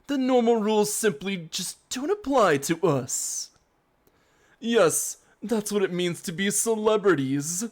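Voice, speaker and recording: A streamer voicing a pompous, theatrical young male villain from a video game, with slow, drawn-out, haughty delivery. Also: medium pitch, lively intonation, pitched above the performer's own voice.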